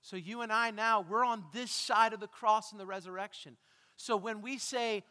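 A man preaches into a microphone in a church sanctuary, his voice pitched very high and bright. He quizzes the congregation and erupts into dramatic shouts. Long reverb from the hall trails his words. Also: normal speed. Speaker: pastor. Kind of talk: sermon. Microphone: handheld or stage microphone.

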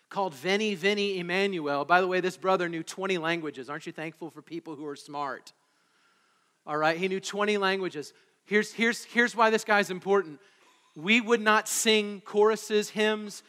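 A man preaching a sermon, animated and excitable, building to eager bursts as he teaches about an old hymn. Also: sits high, long reverb tail. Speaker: pastor. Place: church sanctuary.

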